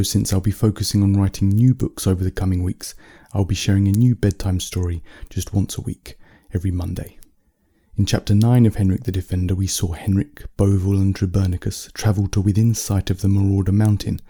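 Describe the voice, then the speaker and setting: A man reading a bedtime story in a calm, measured, soft-spoken manner. His voice sits low and mellow, with a husky edge to it.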